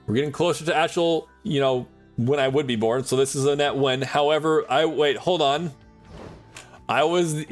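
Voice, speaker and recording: A man streaming live and chatting with his audience in a rambling, jokey way, laughing often. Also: a little high.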